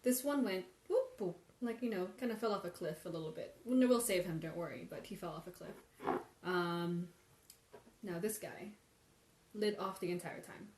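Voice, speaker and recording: This host's voice sits on the low side, a little mellow, at a moderate pace, with a bit of hiss or hum in the signal. She's leading a live tea tasting, thinking through infusions aloud and answering viewers, recorded with roomy sound and faint ambience.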